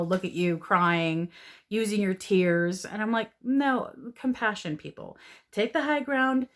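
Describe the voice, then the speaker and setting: Woman, lowish voice, earnest, pleading spiritual advice talk. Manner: earnest, pleading, with frequent "right?" and "okay?". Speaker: oracle card reader.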